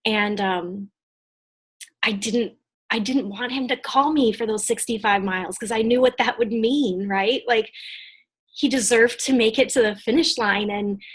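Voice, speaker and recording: A woman's voice: fairly high pitch, measured pace, breathy edge. A woman business coach telling a personal story in a live motivational talk over a video call, in a casual, chatty way with lots of fillers and restarts.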